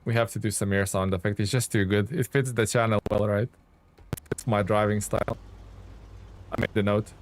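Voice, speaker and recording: A man's voice: fairly low pitch, level tone, moderate pace, long pauses, slight background noise. A man streaming a game, talking casually to his viewers, laughing often and teasing himself about his mistakes. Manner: laughs often, playful and self-mocking; chats with viewers while playing. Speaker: gaming streamer. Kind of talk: casual live game commentary.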